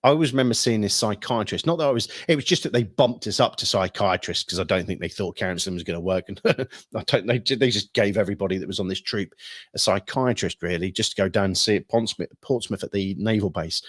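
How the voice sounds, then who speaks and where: Middle-aged man, low-ish voice, rambling storyteller, swears freely, jumps into loud quoted bits; dry, close recording. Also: animated, brisk, no room sound. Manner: rambling, swears freely, frequent ums and restarts; acts out shouted quotes with sudden bursts. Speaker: hypnosis trainer recounting military past. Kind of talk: casual storytelling talk.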